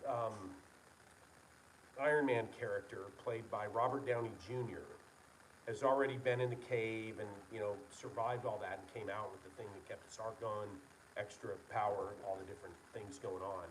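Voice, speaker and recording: A man's voice: on the low side, fairly even intonation, normal speed, far from the mic, a little hiss or hum, rough recording. A man, a licensed engineer, talking casually and earnestly to an online meeting, rambling and correcting himself as he goes. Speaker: licensed engineer presenting to his company's followers.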